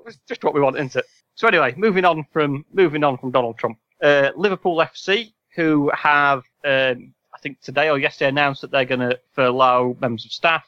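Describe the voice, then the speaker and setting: Bright-voiced quiz host. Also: male voice, a little high, a little fast, dry recording, muffled recording. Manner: wry, sarcastic asides. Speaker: podcast host and quizmaster. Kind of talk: casual chat quiz.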